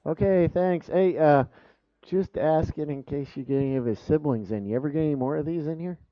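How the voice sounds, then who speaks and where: Joking player on dull voice chat. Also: male voice, on the high side, brisk, noisy background. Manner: joking, playful. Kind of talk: casual game chat.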